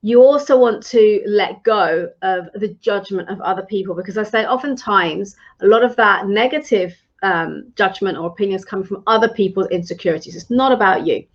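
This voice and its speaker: A woman leadership coach speaks to her live-stream viewers in a mid-pitched, encouraging and conversational way. She often restarts her phrases as she talks. Her voice comes through slightly dull, lo-fi stream audio. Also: normal speed, hardly any pauses.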